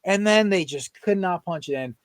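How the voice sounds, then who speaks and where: A man's voice: high voice, lively intonation, moderate pace, clear, resonant tone, no echo. Heated, opinionated young man, dry sound. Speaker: podcast co-host. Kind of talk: casual sports podcast chat.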